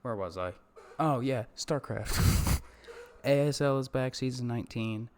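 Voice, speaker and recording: A man hosts a casual esports podcast from his streaming setup. He rants about tournaments and swears freely, stopping now and then to greet his live chat. His voice sits at a middling pitch for a man. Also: a little slow, darkish tone. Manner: profane, ranting, talks to live chat. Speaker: podcast host.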